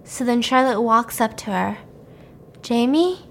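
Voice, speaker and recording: A woman with a somewhat high voice tells a horror movie plot in a loose, chatty way. She swears casually and laughs at her own retelling, keeping the energy animated throughout. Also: moderate pace, slight background noise. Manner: animated, profane storyteller who laughs often.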